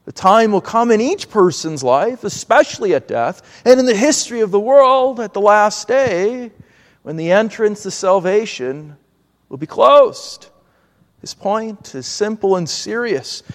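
Male preacher, high-pitched, earnest measured delivery, reverberant space. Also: expressive. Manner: earnest, measured preaching with acted pleading quotes. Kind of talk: sermon.

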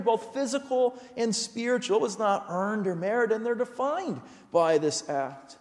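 A man's voice: sits high, expressive, moderate pace, few pauses. A man preaching a sermon as pastor, earnest and emphatic, asking his listeners pointed rhetorical questions. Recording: long hall reverb.

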